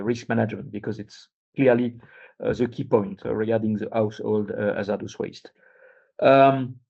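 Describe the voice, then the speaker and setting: A man speaking English, giving a halting workshop presentation full of "uh" fillers and restarts, recorded with a dull, muffled sound. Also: medium pitch, creaky, mellow. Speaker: conference speaker.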